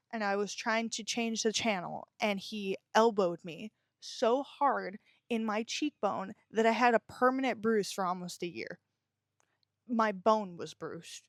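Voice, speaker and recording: A woman's voice: medium pitch, no room sound, clean studio sound. A young adult woman hosting a podcast, talking bluntly and emphatically about her own life and swearing often. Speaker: podcast host. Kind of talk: personal confessional monologue.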